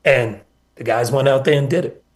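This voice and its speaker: A middle-aged man speaks as a former basketball coach, earnestly recounting stories from past seasons. He repeats his key points for emphasis and builds his answers in steady runs. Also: mid-range voice, fast. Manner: earnest storytelling with emphatic repetition. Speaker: former college basketball assistant coach, guest. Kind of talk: sports radio interview.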